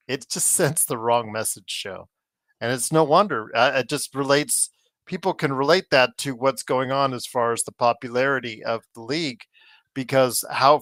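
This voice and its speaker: A man co-hosting a podcast, talking sports in an animated, casual way and laughing as he goes. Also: mid-range voice, no echo.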